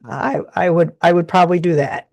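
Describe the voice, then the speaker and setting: A woman's voice: fairly low pitch, fairly even intonation, fairly quick, a little mellow. A woman giving a casual live tarot reading from her desk at home, talking in a rambling, chatty way with many restarts. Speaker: tarot reader.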